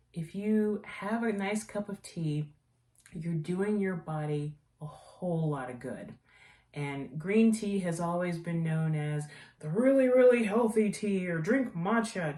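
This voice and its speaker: A woman's voice: fairly low pitch, far from the mic. A woman hosting a tea vlog, talking in a casual, rambling way and gushing about teas and small-business products. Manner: rambling, warm-hearted enthusiasm for products. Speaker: tea vlogger and host. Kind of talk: casual chatty review. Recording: echoey room, voice away from mic.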